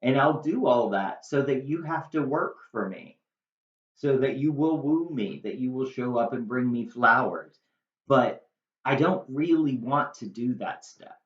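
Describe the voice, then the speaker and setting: Slow-talking male teacher, echoey room. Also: mid-range voice, expressive. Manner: plain-spoken, paraphrasing into casual modern talk. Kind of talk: explaining a monologue line by line. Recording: echoey room, dull lo-fi sound.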